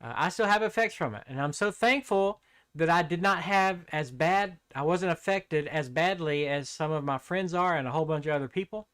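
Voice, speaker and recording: A high-voiced man hosting a homespun tech-tips video, chatting in a folksy, rambling way. He talks straight to his viewers like friends, with plenty of asides and apologies. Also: normal speed, fairly bright tone, clear, resonant tone. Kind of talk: casual talking-head vlog.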